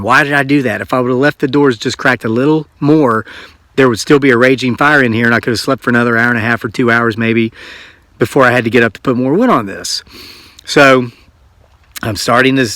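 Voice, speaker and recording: A man's voice: mid-range voice, dry recording. A man vlogging from his old homestead, casually retelling a story and acting out the voices in it. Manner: animated retelling, acts out quoted voices. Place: old farmhouse.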